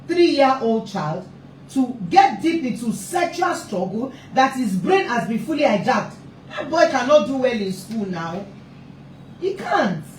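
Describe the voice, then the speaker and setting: A woman with a slightly raised voice gives an impassioned talk on parenting, hammering her points through repetition. She sits back from the mic in an echoey space, with a faint hum of ambience behind her. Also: sits high. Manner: emphatic, repeats points for stress. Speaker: family therapist and parenting speaker. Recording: roomy echo, distant mic, faint ambience.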